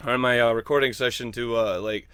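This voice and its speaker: An American man hosts a gaming news show in a dry, close-miked recording. He moves from a scripted news read into loose, rambling chat that pokes fun at himself. His voice sits at an ordinary middle pitch. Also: fast, clear, resonant tone, dry recording. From United States. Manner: lively, rambling and self-deprecating in casual parts.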